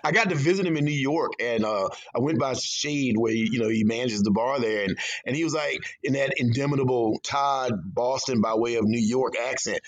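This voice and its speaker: A man's voice: medium pitch, a little fast, few pauses, no echo. A man, an author guest chatting casually and telling stories with laughter, acting out what others said. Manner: animated, laughing, acts out quotes. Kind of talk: casual storytelling chat.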